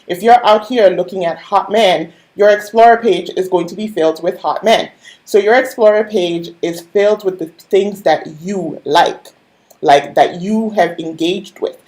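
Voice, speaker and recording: An online business coach speaks to her live-stream viewers in a chatty, playful style, addressing them directly and tossing in asides. Her voice is fairly low and a little mellow.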